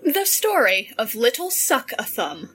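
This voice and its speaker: A woman reads rhymed children's stories aloud. Her voice is bright and breathy, and it rises and falls in an animated way. She takes her time over every line. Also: a little high. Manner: slow, expressive storybook reading. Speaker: reader of children's verse.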